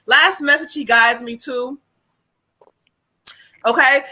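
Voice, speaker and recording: A woman's voice: high-pitched, slow pace, sharp tone. A woman from New Jersey giving a psychic reading on a live stream, blunt and profane. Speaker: psychic medium.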